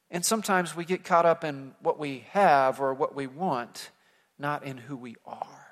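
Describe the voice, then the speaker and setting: A man from the United States preaching a sermon to his church, telling a story earnestly and rising to emphatic points before dropping soft. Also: a little high, long reverb tail. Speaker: pastor. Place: church sanctuary.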